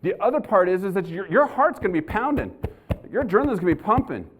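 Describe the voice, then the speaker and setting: High-voiced man giving police training. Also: big pitch swings, fast talker, breathy edge. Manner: conversational storyteller, acts out his own panic. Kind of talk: live training talk to an audience. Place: university lecture hall.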